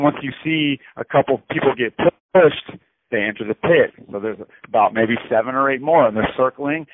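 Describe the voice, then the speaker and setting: A man telling a story from prison over the phone in a rambling, animated way, saying "bro" again and again and repeating himself. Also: medium pitch, a little hiss or hum. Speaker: incarcerated storyteller. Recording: tinny phone line.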